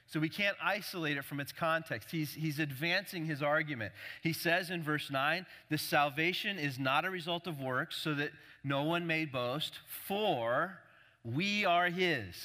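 A man's voice: fairly high pitch, pushed and bright. A man preaching a sermon as a pastor, emphatic, repeating key words and building intensity. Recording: long hall reverb.

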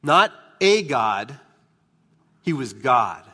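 A man preaching a sermon as pastor, emphatic, slowing down and dropping to a hush on key words. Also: mid-range voice, big pitch swings. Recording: long reverb of a large hall.

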